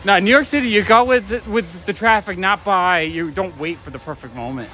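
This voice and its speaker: A man's voice: high-pitched, brisk, sharp tone, faint music behind. A man hosting a live stream while walking outdoors at night. He chats casually and enthusiastically, with lots of fillers and restarts. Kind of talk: casual rambling chat. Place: city street at night, outdoors. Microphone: handheld phone or camera while walking.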